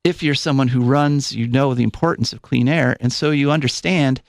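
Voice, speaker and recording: A live call-in radio host speaks at a moderate pace in a medium-pitched voice, captured with no echo on a studio mic in a radio studio. He comes across as chatty and rambling, with fillers and a hint of breathlessness.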